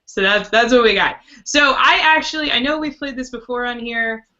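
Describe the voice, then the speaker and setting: A woman's voice: a little high, normal speed, crowd noise. A woman hosting a live board game podcast, chatty and rambling. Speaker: podcast host. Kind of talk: casual live-stream chat. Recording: muffled web call audio.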